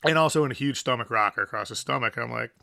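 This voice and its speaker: A man's voice: medium pitch, rapid-fire, vocal fry, sharp tone, no room sound, studio quality. A young adult man, a guest musician, telling a rambling story with lots of fillers and laughs. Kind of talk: casual anecdote telling.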